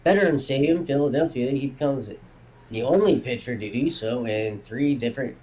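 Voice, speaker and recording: A man co-hosting a history show, reading entries in a relaxed, offhand way. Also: medium pitch, normal speed, low-quality recording. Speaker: co-host. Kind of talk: casual history chat.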